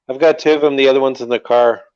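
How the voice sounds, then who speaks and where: A man's voice: mid-range voice, fairly even intonation, quick pace, a little mellow, smooth. A man chatting casually as a guest, easygoing and laughing along. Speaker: guest on the show. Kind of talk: casual chat. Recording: dry, dull lo-fi line.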